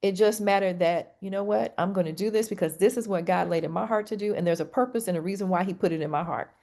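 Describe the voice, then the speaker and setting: A woman's voice: mid-range voice, quick pace, creaky, warm tone. A middle-aged woman, a counselor, speaking as a podcast guest in an earnest, heartfelt way. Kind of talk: conversational interview.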